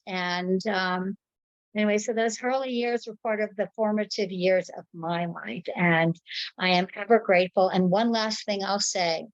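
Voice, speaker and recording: A woman's voice: mid-range voice, dry recording, highs cut off. Woman telling a rambling memory, dry sound. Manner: rambling, searching for words. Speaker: guest sharing a memory. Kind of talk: casual personal storytelling.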